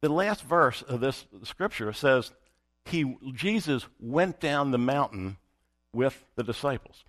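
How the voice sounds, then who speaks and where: A man's voice: medium pitch, expressive, slow, fairly bright tone. A man preaching a sermon as pastor, emphatic and repeating his key phrases for weight.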